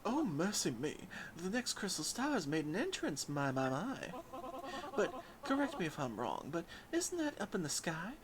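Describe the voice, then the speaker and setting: A man's voice: on the high side, wildly swooping pitch, normal speed, crowd noise. A man voicing a melodramatic grand lady with a flowery manner, over game music. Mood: dramatic. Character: theatrical grand lady, dramatic diva.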